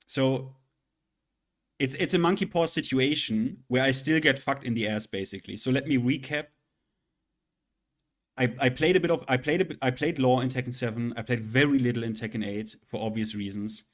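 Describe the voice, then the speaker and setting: A man's voice: mid-range voice, normal speed. A man talks into his desk mic during a live stream, his voice sitting in a middling register. He rants loosely and profanely, exasperated, circling back and restarting his sentences. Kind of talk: casual live-stream rant.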